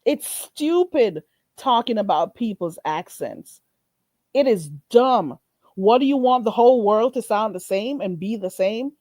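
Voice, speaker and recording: A woman's voice: on the high side, lively intonation, measured pace, mellow, dry recording. A woman hosting her own livestream, ranting bluntly and mockingly at a viewer. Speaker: channel host. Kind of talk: livestream rant.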